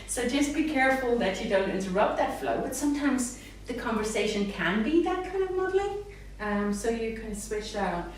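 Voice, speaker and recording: A woman speech therapist giving a live talk to parents, animated, acting out words in a sing-song voice. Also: on the high side, a little fast, few pauses. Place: hall with a live audience. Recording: echoey room, mic far off, faint noise.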